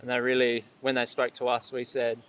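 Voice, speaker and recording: Young guy guest, pretty monotone, earnest, slight noise behind. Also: mid-range voice, fairly quick. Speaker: guest, media missionary. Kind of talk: casual interview chat.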